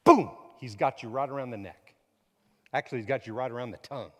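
A middle-aged man preaching a sermon, emphatic, swinging from quiet to loud and repeating words. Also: medium pitch, quick pace, in a large hall.

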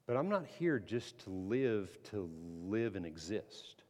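A man's voice: on the low side, a little mellow. Preaching man in a reverberant hall. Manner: earnest preaching, reads scripture aloud with rising emphasis. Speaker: pastor. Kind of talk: sermon.

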